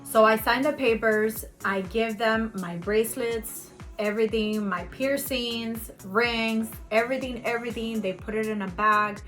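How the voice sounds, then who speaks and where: A woman's voice: fairly high pitch, steady tone, measured pace, hardly any pauses, fairly bright tone, soft background music. A woman in her thirties telling a personal story in a casual, chatty vlog, animatedly acting out quoted dialogue. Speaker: vlogger.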